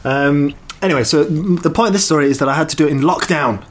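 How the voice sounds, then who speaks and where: A podcast co-host chats casually, telling stories animatedly and laughing often. His voice is on the high side and he talks fast.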